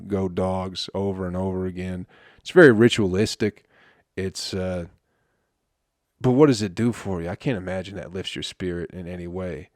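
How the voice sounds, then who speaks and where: A male comedian hosting a solo podcast, ranting in an exasperated, profane way with sudden loud outbursts. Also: deep voice, no room sound, clean studio sound. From Flint, Michigan.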